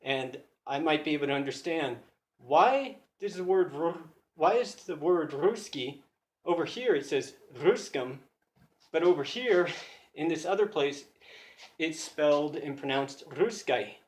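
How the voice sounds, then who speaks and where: An American man talks through his study methods in an earnest, thinking-aloud way, often stopping to correct himself. His voice sits a little high for a man. He is recorded on a phone in a room with a noticeable echo. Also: expressive, measured pace. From United States. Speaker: language learner sharing study tips. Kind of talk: casual explanatory video talk.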